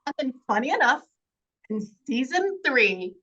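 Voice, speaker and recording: A woman's voice: sits high, sing-song, a little slow, sharp tone, husky. A woman actress speaking as an interview guest, earnest and reflective and often laughing. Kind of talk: conversational interview. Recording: dull lo-fi audio.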